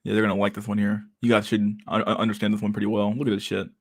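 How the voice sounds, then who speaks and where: A man's voice: fairly low pitch, completely flat delivery, very fast, slightly rough. A man giving casual, rambling livestream commentary on pictures, swearing constantly and laughing often. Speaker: streamer reacting to pictures.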